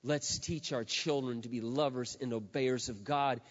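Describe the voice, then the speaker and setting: A middle-aged man preaches a sermon from the pulpit. He leans hard on key words, then drops to a hush. His voice echoes through a large hall on a dull, lo-fi recording. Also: medium pitch, fairly even intonation. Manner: emphatic, drawn-out stresses, shifting from loud to hushed. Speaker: pastor.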